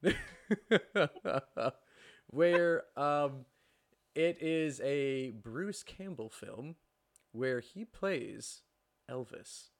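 A man's voice: mid-range voice, very slow, gravelly, pauses often. A man in his thirties co-hosting a casual movie podcast, telling a story with lots of fillers and frequent laughs. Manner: rambling, laughs often, fillers. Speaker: podcast co-host. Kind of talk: casual chat about movies.

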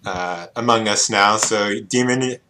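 A man's voice: on the low side, unhurried, over a noisy crowd. A man hosting a live stream, laid-back and teasing with his guests. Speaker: podcast host.

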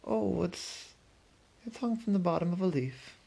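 A man doing a tiny worried butterfly, high squeaky voice, anxious repeating, soft husky edge. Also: expressive, a little slow, exaggerated voice. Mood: explaining. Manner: fretful, repeats itself anxiously. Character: small worried sleepy butterfly.

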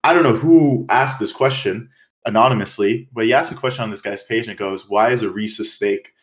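A young man from Canada co-hosting a podcast, telling stories in casual, animated chat with swearing. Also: mid-range voice, a little fast. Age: young adult. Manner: animated storytelling, swearing, quoting others. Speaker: podcast co-host.

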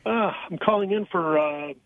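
A man's voice: sits high, normal speed, no echo. A man calling in to a radio show, hesitant and full of fillers. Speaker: caller. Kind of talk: phone call to a radio show. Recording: tinny phone line.

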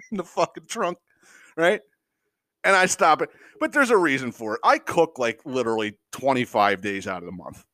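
A man's voice: medium pitch, a bit bright, no room sound, clean studio sound. A man hosting a podcast, ranting casually and heatedly, swearing constantly and stammering when worked up. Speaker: podcast host. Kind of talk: casual profane rant.

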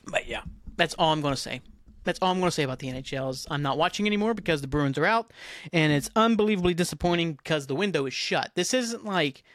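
A man's voice: fairly high pitch, fast talker, fairly bright tone, no echo, clean studio sound. A middle-aged man hosting a solo podcast, chatting in a scattered, self-mocking, profane way. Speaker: podcast host. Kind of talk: rambling solo podcast chat.

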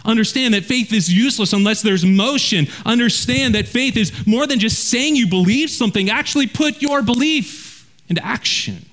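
A man preaching a verse-by-verse sermon as a pastor, earnest and direct, often dropping low and quiet to drive a point home. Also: lively intonation, moderate pace, few pauses. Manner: earnest preaching, drops low and quiet for emphasis, repeats words when restarting.

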